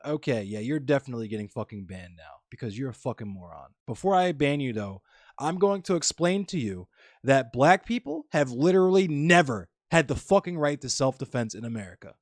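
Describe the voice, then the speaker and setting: A man's voice: medium pitch, lively intonation, fairly quick, dry recording, studio quality. A man streaming live, lecturing his chat in a heated, profane political rant.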